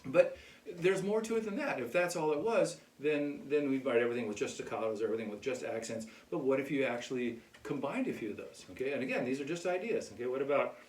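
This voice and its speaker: A man teaching a casual music lesson in a relaxed way, often checking in with "okay?". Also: mid-range voice, fast talker. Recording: echoey room, mic far off.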